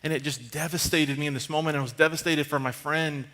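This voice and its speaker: A man in his thirties preaches from a church stage with a high, bright, forward voice. He tells stories in a loose, conversational way. He turns hushed and low when things get serious. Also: fast talker. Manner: conversational, animated storytelling, drops to a hushed tone for serious moments. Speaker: pastor. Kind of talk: storytelling sermon.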